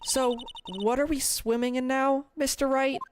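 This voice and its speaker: A man voicing an earnest young woman investigator in a strained falsetto while reading a video game aloud. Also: flat delivery, measured pace, noisy background. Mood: eager. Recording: game music playing behind.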